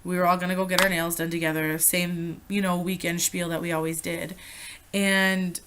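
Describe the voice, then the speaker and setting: A young woman vlogger telling a personal story, animated and full of swearing. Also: lowish voice, normal speed, clean tone. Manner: animated, profane retelling. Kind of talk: casual storytime vlog.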